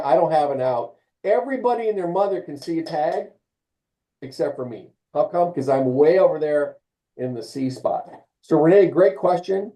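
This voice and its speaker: Dark-voiced man teaching umpire mechanics. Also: fairly high pitch, rough recording. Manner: animated, acts out calls and quotes; repeats and restarts phrases. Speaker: umpire clinic instructor. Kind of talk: live online training session.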